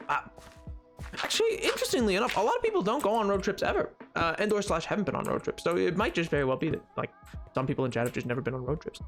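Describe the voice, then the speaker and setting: A man's voice: sits high, sing-song, racing, soft background music. A man streaming a game, chatting casually with a rambling, playful, self-mocking way of talking. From United States. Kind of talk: casual livestream chat while gaming.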